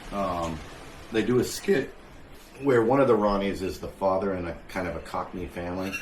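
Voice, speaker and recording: A man's voice: deep voice, normal speed, slight background noise. A man hosting a casual dinner conversation at home, telling a long story in a rambling way, full of fillers and chuckles. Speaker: host. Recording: roomy room sound.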